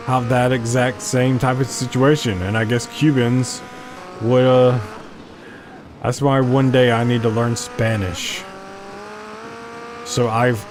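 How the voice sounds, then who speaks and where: A man's voice: mid-range voice, background noise. A man casually commenting while playing a video game, rambling and asking himself questions as he goes. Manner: rambling, self-questioning, chatty. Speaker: gameplay commentator. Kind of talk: casual let's play commentary.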